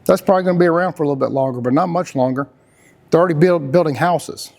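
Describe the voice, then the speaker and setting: A man's voice: fairly high pitch, racing, vocal fry, a little mellow. A middle-aged man, talking casually and earnestly as a podcast host, rambling and emphatic with frequent restarts. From Texas. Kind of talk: casual conversational talk.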